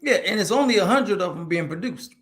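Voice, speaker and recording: A man trades quick, teasing jabs while he watches wrestling with a friend. His voice is high and very lively, and his pitch jumps sharply when something excites him. He talks in short, animated bursts. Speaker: co-host. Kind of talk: casual chat reacting to a live wrestling show.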